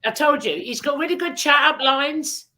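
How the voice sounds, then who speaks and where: A woman's voice: high voice, expressive, normal speed, sharp tone. Chatty teasing woman host. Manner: chatty, teasing, rambling with many fillers. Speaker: podcast host. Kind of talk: casual chat and storytelling.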